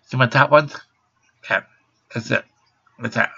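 Gravelly, aggrieved man in his fifties. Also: mid-range voice, fairly even intonation, unhurried, sharp tone. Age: 50s. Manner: swearing constantly, aggrieved and blunt. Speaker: vlogger. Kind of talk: angry rant to camera. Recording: dull lo-fi webcam sound.

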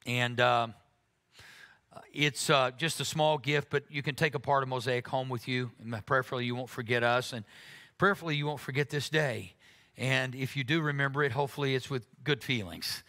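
A man's voice: mid-range voice, moderate pace, pushed and bright. A man preaching a sermon as pastor, earnest, often repeating words when he is moved. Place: church sanctuary.

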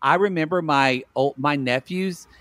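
A man's voice: fairly high pitch, normal speed, fairly bright tone. A man co-hosting a podcast, speaking bluntly and crudely in casual chat. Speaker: podcast co-host.

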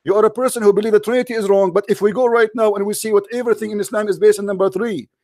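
High-voiced man debating mockingly. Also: steady tone, rapid-fire, a little mellow, no room sound, clean studio sound. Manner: mocking, combative, interrupting. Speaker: debate host. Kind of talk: heated online debate.

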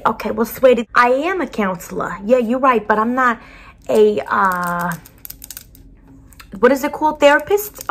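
A woman voicing a brash, blunt school counselor with a New Jersey accent, in a whispered role-play. She talks with a breathy, soft voice and keeps calling the listener sweetie. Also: on the high side.

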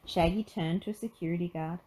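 A woman reading a children's picture book aloud in an expressive storytelling manner. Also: on the low side, fairly quick, a little hiss or hum, low-quality recording.

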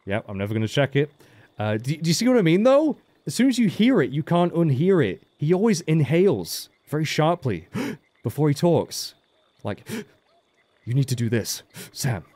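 A man's voice: on the high side, very animated, normal speed, a little mellow, no echo. A man giving casual, joking game commentary as a let's play host, with frequent swearing. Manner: chatty, joking, swears freely.

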